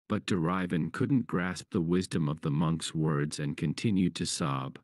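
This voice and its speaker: A man telling a fable in a calm, measured storytelling manner. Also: low-pitched, no room sound, clean studio sound. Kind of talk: scripted story narration.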